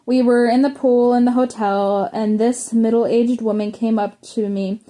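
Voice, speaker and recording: A woman's voice: fairly high pitch, steady tone, measured pace, warm tone. Woman reading a memoir, stumbling often. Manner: stumbles and restarts words while reading. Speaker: audiobook reader.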